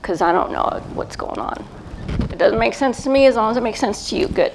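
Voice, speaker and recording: A middle-aged woman, a psychic medium, gives a gentle, hesitant live reading before an audience, pausing often as she feels her way. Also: fairly high pitch, lively intonation, gravelly, background noise. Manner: gentle, hesitant, feeling her way with many pauses. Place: event talk in front of a live crowd.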